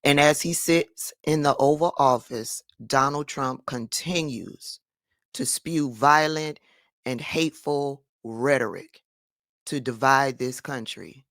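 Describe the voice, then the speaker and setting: Woman ranting about politics, firm and emphatic, slow, dry sound. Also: a bass voice, fairly bright tone, dry recording. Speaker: political commentator. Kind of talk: opinion vlog monologue.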